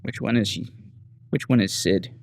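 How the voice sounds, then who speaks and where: A man's voice: lowish voice, moderate pace, creaky, a little mellow. A man giving casual let's-play commentary, chatting through dialogue choices and reading menu items aloud. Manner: casual, reads menu text aloud, muttering asides. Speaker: gameplay host.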